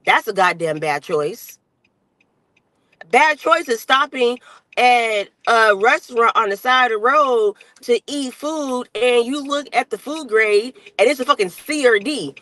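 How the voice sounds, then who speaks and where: A woman's voice: on the high side, pushed and bright, low-quality recording. Fired-up woman ranting bluntly on a livestream. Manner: blunt, heavy cursing, emphatic repetition. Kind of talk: unscripted livestream rant.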